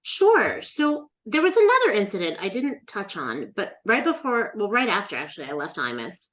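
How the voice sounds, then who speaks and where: A middle-aged woman tells a long personal story in a relaxed interview. Her pitch swings widely as she acts out the other people in the tale. She talks into a podcast mic. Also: normal speed. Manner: animated storyteller, acts out quoted voices. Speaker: guest.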